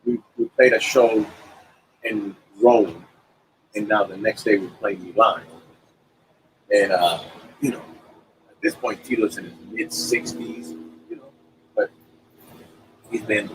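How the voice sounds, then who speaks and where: Man telling animated road stories. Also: on the low side, slight background noise, rough recording. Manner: animated anecdotes with acted-out quotes. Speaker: musician guest. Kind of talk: casual storytelling interview. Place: cafe.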